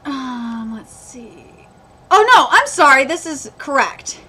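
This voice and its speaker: High, bright-voiced woman ranting. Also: lively intonation, slow. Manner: ranting, exasperated, swears freely; fan checking details against the manga. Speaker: anime reaction host. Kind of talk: live reaction commentary.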